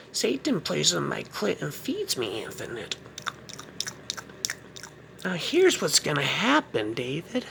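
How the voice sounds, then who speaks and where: A man voicing a gloating evil female witch who cackles and taunts slowly. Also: sits high, creaky, noisy background, voice pushed up, exaggerated voice.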